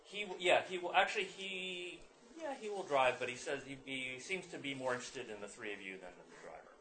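A man running a tabletop game as game master, narrating in a halting way with many fillers and restarts. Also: mid-range voice, expressive, bright, forceful tone, a little hiss or hum.

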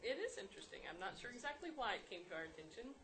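A woman playing a tabletop game, lively and playful. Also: a little high, racing, slight background noise. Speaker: player.

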